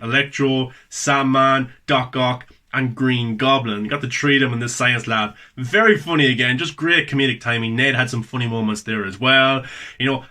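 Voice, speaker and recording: A man's voice: mid-range voice, pushed and bright. A man hosting a casual spoken movie review, enthusiastic and repeating words for emphasis.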